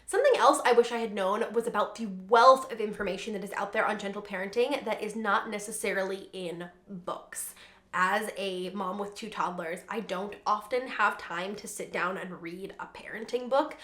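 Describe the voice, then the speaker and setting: A woman's voice: mid-range voice, normal speed, a bit bright. A young woman, a mother of toddlers, giving casual parenting advice in an earnest, chatty way, often saying "like". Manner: chatty, earnest, frequent "like" fillers. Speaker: parenting vlogger. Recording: echoey room.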